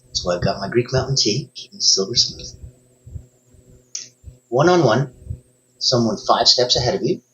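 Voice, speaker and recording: A man's voice: expressive, moderate pace, long pauses, pushed and bright, slight background noise. Male coach with a middle-range voice, giving an emphatic motivational talk straight to the listener. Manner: emphatic, speaks straight to the listener, sudden upward pitch jumps.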